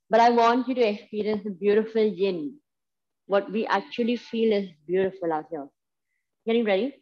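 A woman with an Indian English accent guides a yoga session with patient step-by-step cues and steady encouragement. Her voice sits at a middle pitch, and the recording sounds slightly dull and lo-fi. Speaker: yoga instructor. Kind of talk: guided yoga class instruction.

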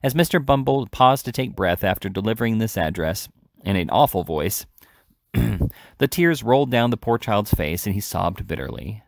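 A man reading a classic novel aloud, steady, with occasional self-corrections. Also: lowish voice, normal speed, creaky, no room sound, studio quality. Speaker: audiobook reader.

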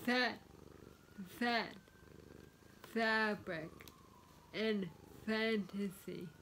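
A woman vlogging casually at home, practicing words slowly and carefully, one at a time. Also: mid-range voice, background noise. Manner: slow, careful word-by-word practice; chatty, talks to her cat. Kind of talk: casual vlog and speech practice. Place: home, with a cat nearby.

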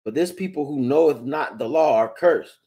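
A man reading Bible verses aloud in a steady, plain way. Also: medium pitch, moderate pace. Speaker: scripture reader.

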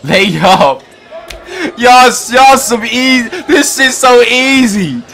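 A man hosting a basketball reaction video, talking in a loud, hyped, profane way and often shouting at the screen. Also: very high voice, expressive, takes it slowly. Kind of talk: excited basketball reaction commentary.

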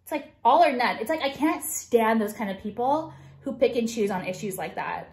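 A woman's voice: on the high side, expressive, moderate pace, darkish tone. A woman vlogger venting to her viewers in a profane, combative rant full of fillers. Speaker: jewelry brand owner and vlogger.

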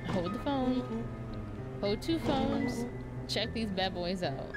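A woman voicing an excitable, boastful young tiger boy in a game, with a brash, bouncy, show-off manner. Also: mid-range voice, moderate pace, over loud music, lightly acted. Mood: excited.

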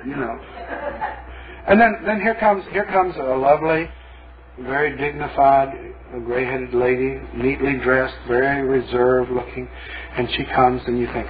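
A man's voice: mid-range voice, steady tone, normal speed. A male pastor preaching a sermon in a folksy, colloquial storytelling manner. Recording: lo-fi phone-like sermon tape.

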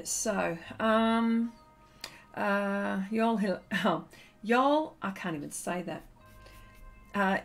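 A woman's voice: a little high, fairly bright tone. A woman hosting a live painting stream, chatting casually and laughing as she reads comments aloud.

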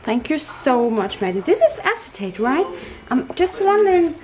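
A woman's voice: high voice, sing-song, normal speed, background noise. A young woman casually chatting at home as she opens craft mail, gushing, gasping and thanking the sender over and over. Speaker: craft vlogger opening mail. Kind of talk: casual unboxing chat.

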